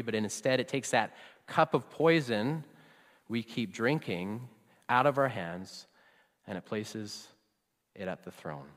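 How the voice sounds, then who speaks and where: A man preaching a sermon as pastor, conversational, often trailing off soft and low at the ends of phrases. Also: big-room sound.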